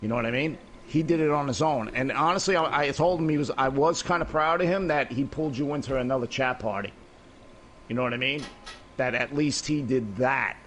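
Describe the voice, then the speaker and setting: A man's voice: mid-range voice, fairly quick, fairly bright tone, a little hiss or hum. A middle-aged man in casual voice chat while gaming, rambling and swearing, peppering his talk with "you know what I mean". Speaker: gamer in voice chat.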